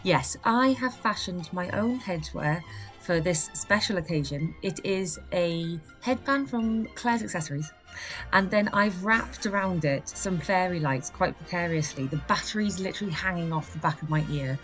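Woman co-host, giggly and wry, lowish voice, soft music faintly behind. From Wales. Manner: giggly, wry, quick bursts of talk. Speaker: podcast co-host. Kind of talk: casual chat. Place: hotel room.

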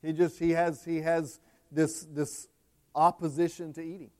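Man preaching, kinda high voice, goes real quiet then loud, all fired up. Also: flat delivery, unhurried. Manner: swings between hushed and loud, impassioned. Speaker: pastor. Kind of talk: sermon.

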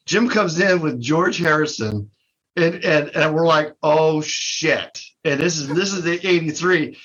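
Older man, husky voice, bright tone, restarts and laughs, dull lo-fi audio. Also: on the high side, unhurried. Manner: animated, laughing, swearing, with many restarts. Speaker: guest, drum shop co-owner. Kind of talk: casual storytelling.

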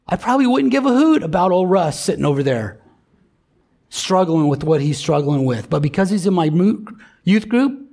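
A middle-aged man with a high-pitched voice delivers a sermon to his congregation. He speaks in a conversational, emphatic way and keeps asking his listeners to respond. The tone stays that of a pastor talking directly to his church. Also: darkish tone.

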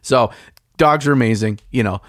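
A man's voice: medium pitch, normal speed, fairly bright tone, no echo, studio quality. A man chatting casually on a podcast, telling rambling stories with plenty of swearing and filler words. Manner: rambling, profane, laid-back storyteller. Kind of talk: casual chat.

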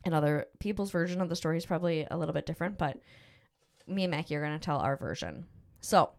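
Deep, gravelly and expressive, a middle-aged woman's voice races along as she hosts a podcast. In casual storytelling, she relates a personal story in a rambling, emotional way, full of fillers.

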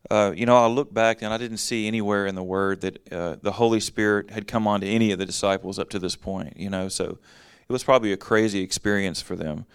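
A man with a low, resonant voice leads a casual Bible teaching. He reads a passage, then explains it in plain everyday words. The sound is dry and close, with almost no room around it. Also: steady tone, fast talker, few pauses, clean tone, no room sound. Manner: conversational, reads verses then explains them in plain talk.

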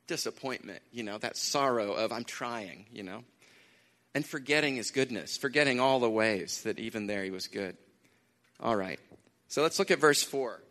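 A man preaching a sermon in a conversational way, repeating phrases for emphasis, with lively asides. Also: mid-range voice, moderate pace. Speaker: pastor. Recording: long hall reverb.

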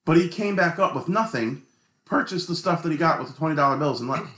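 A man co-hosting a casual podcast, telling an animated, exasperated story about a customer. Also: on the high side, fast talker, echoey room. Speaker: podcast co-host. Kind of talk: casual chat.

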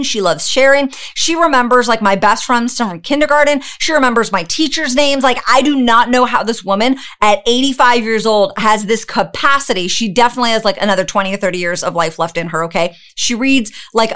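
Female business coach, high-ish voice, loud and passionate, emphatic motivational delivery. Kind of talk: motivational monologue.

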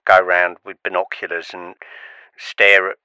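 A man's voice: low voice, completely flat delivery, unhurried, sharp tone, smooth, no echo, full character voice. A man playing a grown son who keeps scolding his mother in a dry, exasperated way, in a scripted comedy sketch. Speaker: comedy podcast character.

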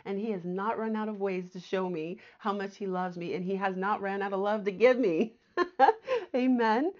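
A woman teaching the Bible on a podcast, earnest and conversational, often dropping to a soft near-whisper for emphasis. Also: mid-range voice, moderate pace, lo-fi sound. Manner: warm earnest preaching, often says "my friends" and "amen".

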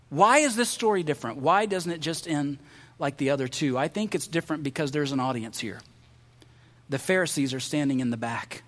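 Man, pastor preaching, high pitched, bright tone, acts out character voices, long church reverb. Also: animated, brisk. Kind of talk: sermon.

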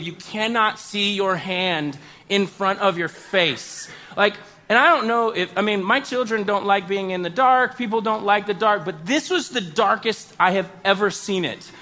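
Funny guy telling a story on himself, kinda high voice, bright tone, big exaggerated outbursts. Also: moderate pace, hardly any pauses. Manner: animated, self-mocking, exaggerated outbursts. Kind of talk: comedic personal storytelling.

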